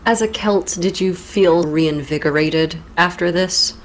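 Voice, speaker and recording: A woman's voice: fairly low pitch, unhurried, a little hiss or hum. A woman co-hosting a literature podcast, playful and teasing in a casual chat. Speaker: podcast co-host.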